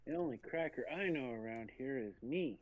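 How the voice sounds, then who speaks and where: A man's voice: medium pitch, animated, moderate pace. Dry-joking man on a tinny call line. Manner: dry, self-deprecating jokes. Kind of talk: casual banter.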